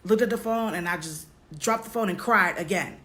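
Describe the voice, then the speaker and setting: A woman vlogger telling a personal story straight to her viewers, halting often and repeating herself. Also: mid-range voice, bright, forceful tone. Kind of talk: candid personal storytelling to camera.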